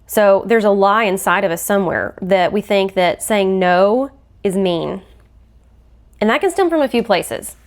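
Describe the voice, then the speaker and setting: A woman's voice: mid-range voice, animated, unhurried. A woman hosting a faith-based podcast, teaching in an earnest, explanatory way and acting out quoted phrases. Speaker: podcast host.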